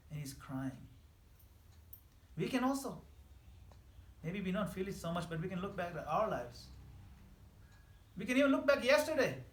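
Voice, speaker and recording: A man giving an earnest devotional class, voicing prayers in a soft pleading tone. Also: sits high, sing-song, normal speed, long pauses. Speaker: spiritual teacher. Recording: echoey room with faint noise.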